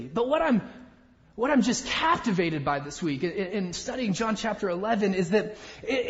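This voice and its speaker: A man in his thirties delivers a sermon, mixing personal storytelling with self-deprecating humor. His voice sits very high for a man. The sound is slightly dull and carries a long hall reverb, like a church auditorium. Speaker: pastor.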